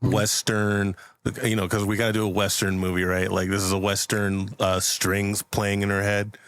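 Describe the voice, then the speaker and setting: A man's voice: fairly low pitch, level tone, normal speed, fairly bright tone, clear, resonant tone, dry recording. A young man hosting a podcast, improvising a story in casual chat, rambling with many filler words and frequent laughs. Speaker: podcast host.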